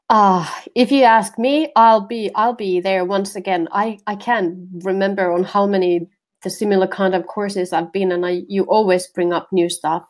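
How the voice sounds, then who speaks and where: A woman chatting casually with a mid-range voice, eager and quick to agree. She hesitates now and then as she searches for her words. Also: mid-range voice, darkish tone. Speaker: guest and course participant. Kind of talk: casual conversation.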